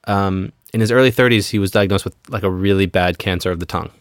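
A man's voice: deep voice, fast talker, dry recording, studio quality. A man co-hosting a podcast, telling a story in a rambling, casual way with lots of fillers. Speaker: podcast co-host.

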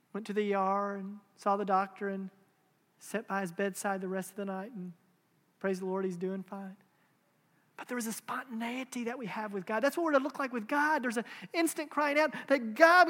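A man's voice: very high-pitched, steady tone, moderate pace, fairly bright tone. A man in his thirties delivers an earnest, emphatic sermon. He repeats phrases and asks rhetorical questions as he builds his point. His voice rings with the long reverb of a large hall. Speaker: pastor.

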